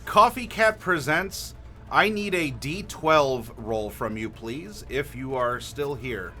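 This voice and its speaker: Slow, bright-voiced man running a stream. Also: medium pitch, animated, soft background music. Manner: friendly, asks viewers for dice rolls, pauses with fillers. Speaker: game master. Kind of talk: livestream character creation, talking to chat.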